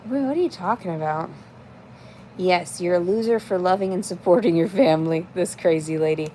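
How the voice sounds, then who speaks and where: A woman's voice: fairly low pitch, brisk, dark tone, slight background noise. A woman in her thirties livestreaming in casual chat, reading out comments and answering them in a blunt, profane, rambling way.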